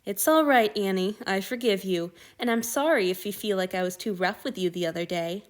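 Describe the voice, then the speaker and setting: A woman's voice: mid-range voice, a little fast, natural voice. Woman voicing Marcus, a cool condescending male lover. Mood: soothing. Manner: smooth, chiding, patronizing. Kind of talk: audiobook reading of fan fiction.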